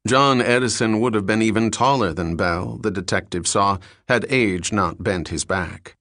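A man narrating an audiobook in a steady, even storytelling manner. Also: on the low side, moderate pace, hardly any pauses, dry recording, clean studio sound.

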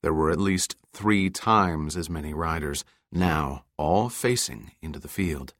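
A man giving scripted audiobook narration, measured and deliberate. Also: very deep voice, a bit bright, no room sound, studio quality.

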